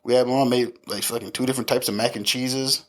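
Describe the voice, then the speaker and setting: A man around thirty tells family stories on a podcast in a casual, profane and animated way. His voice sits at a middling pitch for a man, and he laughs easily as he tells them. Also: fast talker. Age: 30s. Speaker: podcast co-host. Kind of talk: casual chat.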